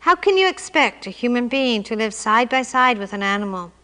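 A woman's voice: on the high side, lively intonation, a little fast, pushed and bright, long reverb tail. A woman voicing a desperate poor man who pleads and complains, reading him aloud in a story. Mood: pleading. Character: desperate poor man at his wits' end.

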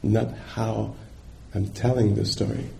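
A man's voice: fairly low pitch, little pitch movement, a little slow, vocal fry, darkish tone, slight background noise. A man giving a dharma talk as a meditation teacher, searching for words and checking in with his listeners.

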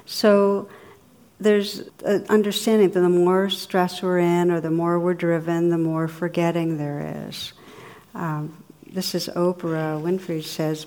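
A woman's voice: fairly low pitch, flat delivery, slow. A middle-aged woman, a meditation teacher, giving a dharma talk and telling funny stories with a laugh in her voice. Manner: warm storytelling, laughs at her own jokes. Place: meditation hall with audience.

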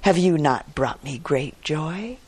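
A self-assured merchant gambler from a spoken fable, as a woman narrator puts him on. He talks merrily and with condescension, his voice pitched up and breathy, and he lets his words out at a slow, smug pace. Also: animated, a little mellow, full character voice. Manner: merry and condescending.

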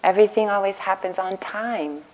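A woman meditation teacher giving a gentle dharma talk at a retreat, telling stories in a soft, calm way. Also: medium pitch, normal speed, poor audio. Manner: gentle, storytelling, soft-spoken. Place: retreat center meditation hall.

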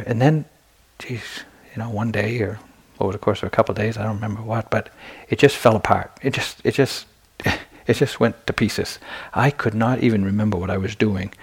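A man gives an evening dharma talk at a retreat and tells his own story in a frank, self-deprecating way. His voice sits low and has a gravelly, slightly husky texture. He talks casually and often restarts his sentences. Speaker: meditation teacher. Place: retreat center meditation hall.

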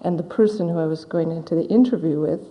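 A middle-aged woman giving a dharma talk as a meditation teacher, telling a story in a slow, gentle, reflective way. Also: deep voice, background noise. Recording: dull audio in a large hall with long reverb.

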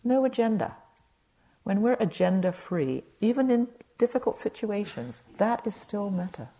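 A woman meditation teacher giving a gentle, conversational dharma talk at a retreat, speaking to a live audience with light humor. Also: mid-range voice, very animated, normal speed.

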